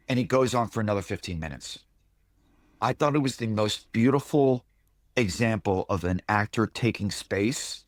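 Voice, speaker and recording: A man co-hosting a casual podcast, speaking emphatically and slowing down to stress his points. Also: on the low side, expressive, dry recording, clean studio sound. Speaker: podcast co-host.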